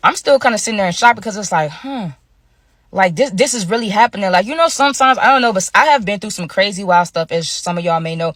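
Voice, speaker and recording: A woman vlogger recounts a storytime in a casual, slangy way, talking straight to her viewers. Her voice sits at a middle pitch, recorded close and dry with no room sound. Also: expressive, fast, dry recording. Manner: chatty, slangy, addresses viewers directly.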